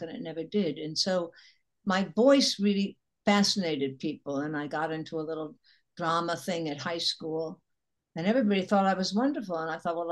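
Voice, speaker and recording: An older woman actress with a husky voice, telling animated anecdotes as an interview guest. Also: fairly low pitch. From Chicago area. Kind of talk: casual interview chat.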